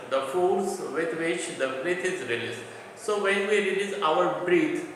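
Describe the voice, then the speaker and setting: A man from India teaching a college English lesson, explaining terms slowly and often restarting or repeating words. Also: fairly high pitch, sharp tone, slight background noise. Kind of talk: classroom lecture. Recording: echoey room, from a distance, faint ambience.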